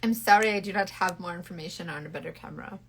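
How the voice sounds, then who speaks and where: With a husky, fairly low but slightly bright voice, a woman talks fast as she sells makeup. She is a cosmetics consultant doing a playful live tutorial on her phone and responding to viewers along the way.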